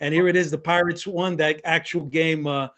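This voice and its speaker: Eager podcast host telling stories. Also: male voice, a little high, fairly even intonation, normal speed, fairly bright tone. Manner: eager storyteller, many fillers. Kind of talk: casual interview.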